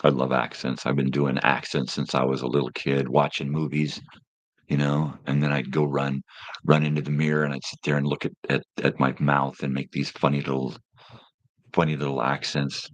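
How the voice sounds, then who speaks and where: Middle-aged male stream host, very low and raspy, dry close mic, loose rambling slangy chat with viewers. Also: monotone, moderate pace, no echo. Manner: rambling, laid-back slang.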